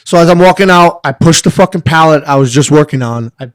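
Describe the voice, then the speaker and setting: Man, pitched high, cursing, fired up, dry studio sound. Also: quick pace, dry recording, rough recording. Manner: profane, animated, heated. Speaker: podcast guest, wrestler. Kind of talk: casual storytelling.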